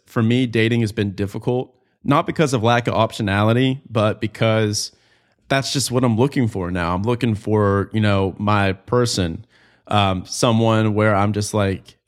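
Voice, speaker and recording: A man in his late twenties hosting a podcast, talking candidly and earnestly about his life, with casual fillers and swearing, close to tears at times. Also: on the low side. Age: 20s. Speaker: podcast host. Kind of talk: personal reflective monologue.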